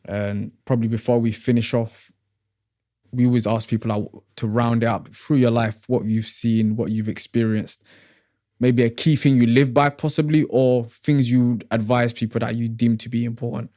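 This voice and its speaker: A man hosts an interview in a relaxed, conversational way. His voice sits mid-range, and the sound is dry, with no room to it. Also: mid-range voice, moderate pace, no echo. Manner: relaxed, affirming, soft murmurs of agreement. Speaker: podcast host. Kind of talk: casual interview chat.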